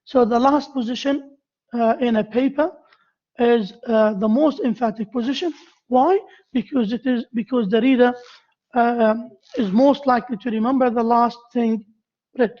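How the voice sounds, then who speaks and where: A woman with an Arabic accent giving a university lecture. She pauses often, repeats key phrases and asks the class questions. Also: fairly high pitch, fairly even intonation. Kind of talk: classroom lecture on essay writing. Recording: dull lo-fi lecture recording.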